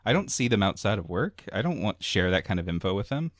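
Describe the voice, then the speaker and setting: A man with a deep, low voice recounts a story to friends in a loose, meandering way, leaning on filler words and chuckling at himself. The sound is dry and close, with no room around it. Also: sing-song, fast, dry recording. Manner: rambling storyteller, filler-heavy, laughing asides. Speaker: podcast co-host. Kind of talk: casual chat.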